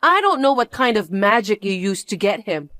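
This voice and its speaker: A woman's voice: mid-range voice, very animated, normal speed, fairly bright tone, no room sound, studio quality. A woman voicing a bratty, boastful young stepsister who talks in a haughty, taunting, demanding way. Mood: mocking. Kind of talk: dramatized story acting.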